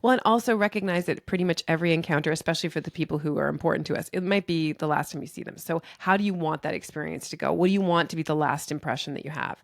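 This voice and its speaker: A woman's voice: low-pitched, racing, gravelly, few pauses, dry recording, studio quality. A middle-aged woman co-hosting a podcast, reflecting frankly in casual chat and swearing freely. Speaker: podcast co-host.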